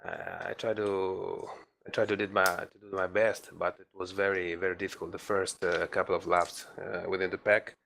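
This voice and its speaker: A man's voice: deep voice, level tone, moderate pace, gravelly, fairly bright tone, a little hiss or hum. A man, a race driver talking hesitantly in a post-race interview. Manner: hesitant, many fillers and restarts.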